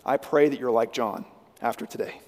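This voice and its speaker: A man preaching a sermon as pastor, swinging between loud emphatic lines and hushed, intense ones. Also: mid-range voice, brisk, big-room sound.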